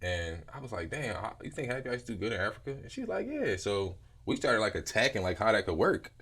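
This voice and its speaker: A young man from Philadelphia talks as an interview guest in a low, bright, forward voice. He tells stories with energy, acts out what other people said, and swears casually. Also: brisk, husky. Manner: animated storyteller, acts out quotes, swears freely. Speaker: guest, dessert business owner.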